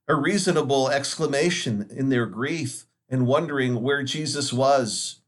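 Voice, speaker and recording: A male priest delivers a Sunday homily at a steady, unhurried pace. His voice sits in an ordinary middle register, earnest and measured, and he leans on pauses to let each point land. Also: mid-range voice. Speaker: Catholic priest.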